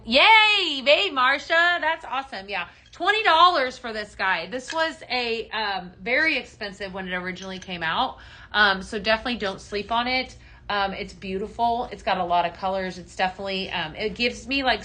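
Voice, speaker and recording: A woman's voice: mid-range voice, sharp tone. A woman hosting a casual live-stream shopping show, chatty and upbeat, with many ums, calling viewers her friends.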